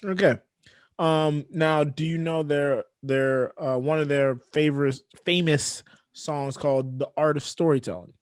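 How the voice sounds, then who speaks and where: Man, podcast co-host, rambling storyteller, slightly high pitch, dry close mic. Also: fairly even intonation, dry recording. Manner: rambling storyteller, frequent pauses and laughs. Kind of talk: casual podcast chat.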